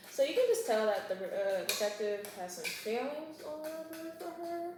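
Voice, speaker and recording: Chatty woman in a very echoey room. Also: high-pitched. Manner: chatty, slangy, animated retelling with quick voiced quotes. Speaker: book vlogger. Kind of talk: casual book recap while baking. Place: home kitchen. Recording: very echoey room with clear background noise.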